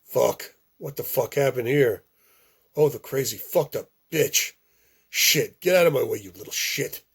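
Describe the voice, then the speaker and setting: A man's voice: medium pitch, animated, measured pace, husky, exaggerated voice. A man voicing a crude, cursing brute. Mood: angry. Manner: cursing, harsh. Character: crude, violent grown man, callous.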